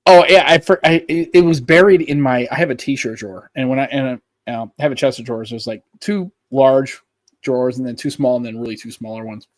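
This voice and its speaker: A man's voice: mid-range voice, steady tone, fairly quick, no echo. A man from the United States co-hosting a live podcast, chatting casually and rambling through stories. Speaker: podcast co-host. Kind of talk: casual chat.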